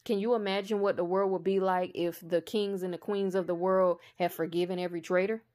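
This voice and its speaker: A woman with a somewhat low voice delivers a casual spiritual monologue to her viewers. She is blunt and preachy, swears freely, and drives her points home slowly and emphatically. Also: fairly even intonation, a little mellow. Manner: slow emphatic delivery that builds to raised intensity.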